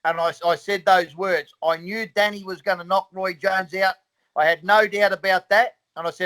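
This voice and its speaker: A man's voice: high-pitched, normal speed, fairly bright tone, rough recording. A man, a boxing trainer, speaking earnestly and emphatically in a casual chat and repeating his conviction.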